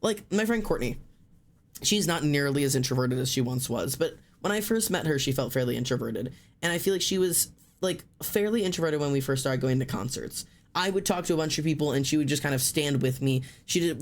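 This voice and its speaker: Excitable chatty man with a higher voice. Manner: excitable, chatty, repeats words, says like often; swears casually, frank. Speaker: streamer. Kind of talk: casual chat to a live stream audience.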